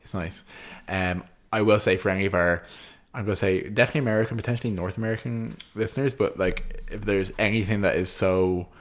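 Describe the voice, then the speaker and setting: A deep-voiced Irish man co-hosting a podcast. He speaks in a wry, opinionated way and lets the odd swear word slip into casual chat. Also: fairly even intonation, a little fast. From Ireland. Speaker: podcast co-host.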